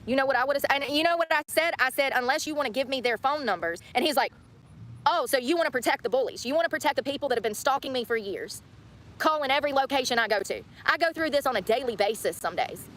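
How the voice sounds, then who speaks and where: A woman's voice: high-pitched, expressive, fast talker, fairly bright tone. A woman livestreaming herself, ranting in an indignant way and repeating herself as she tells her story.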